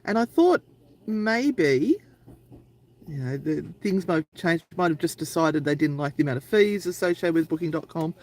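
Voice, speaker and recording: On a paranormal channel's live stream, a female co-host spins a lengthy travel tale in a rambling, conversational manner. Her low voice is animated and a little mellow at a moderate pace, though the audio is poor.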